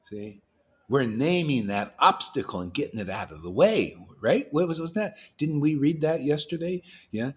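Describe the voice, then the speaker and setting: A man giving an informal sermon to devotees as a spiritual teacher, emphatic and challenging, talking colloquially and repeating words for emphasis. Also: mid-range voice.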